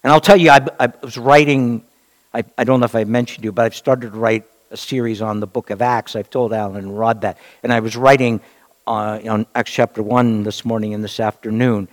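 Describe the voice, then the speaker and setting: A man preaching a Bible-teaching sermon in an emphatic, rhetorical way, with dramatic pauses. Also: medium pitch, fairly even intonation, big-room sound.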